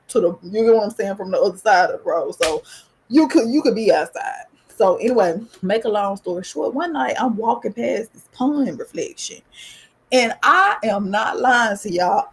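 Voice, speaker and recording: Gravelly Southern woman telling a story. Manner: animated, profane, rising pitch in excitement. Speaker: podcast host. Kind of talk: casual storytelling.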